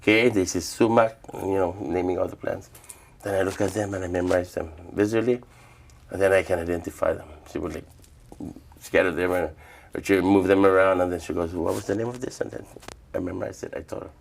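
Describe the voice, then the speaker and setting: A middle-aged man from the Northern Mariana Islands telling stories in an interview, relaxed, acting out the voices he quotes. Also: deep voice, a little fast, creaky, a little hiss or hum. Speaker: humanities awardee, traditional healer. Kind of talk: interview storytelling.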